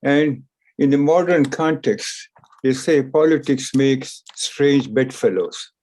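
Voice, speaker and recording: A man lecturing on scripture, retelling an ancient story in a deliberate discourse, repeating phrases for emphasis. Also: medium pitch, darkish tone.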